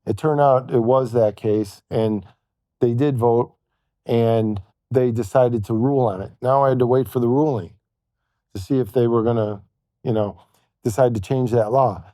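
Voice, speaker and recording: A man telling a long personal story as a podcast guest, halting and quoting what others said to him. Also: medium pitch, dark tone, no echo, clean studio sound. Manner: halting, retells events with quoted dialogue. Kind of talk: storytelling in conversation.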